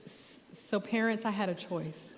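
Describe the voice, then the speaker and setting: A middle-aged woman therapist telling a lively story as guest speaker at a church. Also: medium pitch, unhurried, noisy background. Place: church auditorium. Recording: long reverb of a church hall.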